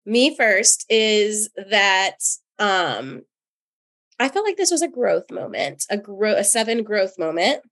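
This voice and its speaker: A woman from North Carolina co-hosting a podcast as a therapist, telling personal stories in an animated, chatty way with frequent laughter. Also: mid-range voice, slow. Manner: animated, laughs often, chatty with many fillers. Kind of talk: casual chat and personal storytelling.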